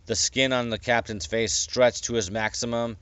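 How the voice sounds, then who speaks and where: A man reading his own story aloud in a plain, unhurried way with small stumbles. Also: mid-range voice, steady tone, fairly bright tone, clear, resonant tone, no room sound, highs cut off. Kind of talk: casual audiobook reading.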